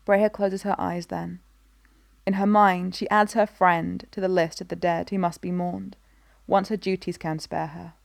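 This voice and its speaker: A woman narrates a story in an even, measured way. Her voice sits somewhat low, and the recording is close and dry with no room sound. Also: vocal fry, no room sound. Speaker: reader. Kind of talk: scripted narration of a fan story.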